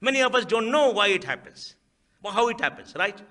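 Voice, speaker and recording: Man, middle-aged, Indian English accent, public speech, emphatic, high-pitched. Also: big pitch swings, brisk, pushed and bright. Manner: emphatic, repetitive, rhetorical questions. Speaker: guest speaker. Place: lecture hall.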